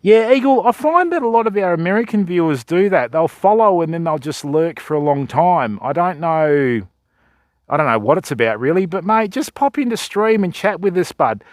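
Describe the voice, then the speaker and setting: A man's voice: on the high side, lively intonation, normal speed, no echo, studio quality. A middle-aged man with an Australian accent, chatting casually and joking with viewers on a livestream. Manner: laid-back, joking, chatty. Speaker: fishing livestreamer.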